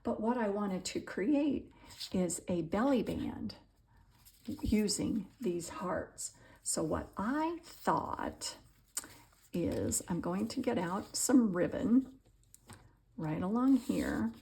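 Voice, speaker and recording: A woman hosting a crafting tutorial, gushing and excitable with gasps and soft whispered asides as she demonstrates at her craft table. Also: mid-range voice, slow pace, gravelly, long pauses. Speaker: crafting channel host.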